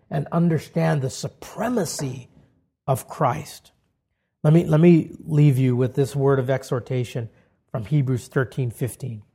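A man preaching a sermon, building to loud, emphatic peaks and dropping to hushed, slow lines. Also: medium pitch, vocal fry, breathy edge. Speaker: pastor.

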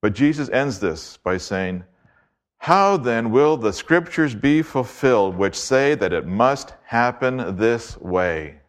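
A man preaching an expository sermon, reading scripture aloud and slowing down to stress key words. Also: medium pitch, expressive. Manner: emphatic, deliberate, slows to stress key words.

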